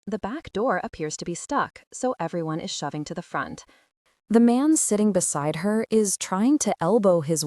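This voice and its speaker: A woman narrating a literary short story in an even, measured audiobook reading. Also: lowish voice, dry recording, clean studio sound. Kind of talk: scripted narration.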